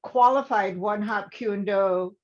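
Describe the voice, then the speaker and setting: A woman hosts an interview, asking questions and encouraging her guest with short, frequent affirmations. Her pitch sits in the middle. The audio is slightly dull and lo-fi. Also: takes it slowly, a crowd in the background. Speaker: host. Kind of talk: interview chat.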